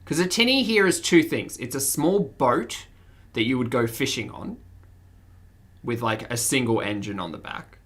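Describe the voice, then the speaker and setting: A woman's voice: very deep voice, lively intonation, moderate pace. An Australian woman with a mild accent, chatting casually with her livestream audience and laughing often as she reads the chat. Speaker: streamer.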